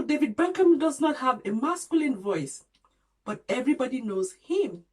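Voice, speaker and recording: A woman's voice: on the high side, warm tone, rough recording. A woman vlogger giving an earnest, encouraging talk to camera, loosely spoken with restarts and small grammar slips, repeating her points for emphasis.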